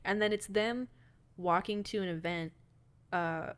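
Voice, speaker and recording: A woman's voice: medium pitch, measured pace, clean tone. A woman co-hosting a podcast, chatting casually about a movie with many fillers and laughs. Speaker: podcast co-host.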